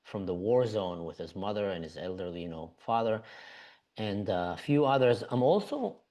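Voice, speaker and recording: A man's voice: fairly low pitch, expressive, normal speed, dark tone. A man from Israel, a podcast guest, earnestly recounting events with frequent "you know" fillers.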